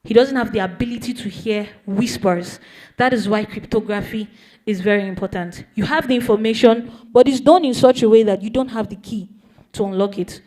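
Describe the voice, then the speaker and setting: A woman's voice: fairly high pitch, brisk, darkish tone. A woman explaining a topic to a young audience in a playful way, often asking them questions. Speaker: speaker teaching young people. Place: event hall.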